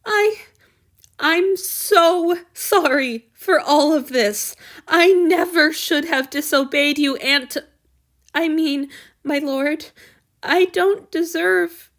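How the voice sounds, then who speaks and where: Woman reader playing a tearful young servant man, raised high and strained, stammering through sobs. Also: lively intonation, takes it slowly, heavily acted. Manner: stammering, sobbing, pleading. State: crying.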